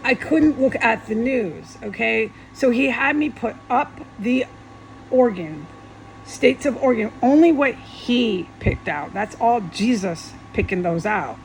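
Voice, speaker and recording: Agitated woman with a gravelly voice. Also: a little high, lively intonation, unhurried, a little hiss or hum, poor audio. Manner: profane, agitated, repetitive. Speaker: vlogger. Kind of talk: angry monologue rant. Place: alone at home.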